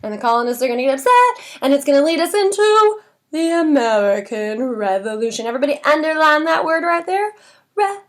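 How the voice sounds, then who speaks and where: A woman teacher giving a classroom history lesson, animated and chanting words over and over as a memory drill. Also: high voice, quick pace.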